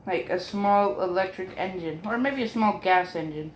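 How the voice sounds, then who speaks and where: A man's voice: high-pitched, normal speed, echoey room, a little hiss or hum. A man narrating a fan story in a rambling, casual way, swearing often and filling gaps with ums and apologies. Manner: rambling, profane, full of fillers and apologies.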